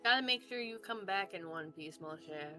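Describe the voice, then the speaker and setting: A woman's voice: mid-range voice, animated, normal speed, pushed and bright, soft background music. A woman voicing a small, cocky green goblin who teases with flirty French endearments in a tabletop game.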